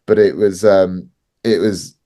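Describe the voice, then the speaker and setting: A man's voice: deep voice, level tone, measured pace, warm tone. A man telling stories as a podcast guest, chatty, laughing often and filling his speech with "like". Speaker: wrestling promoter guest. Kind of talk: casual podcast storytelling.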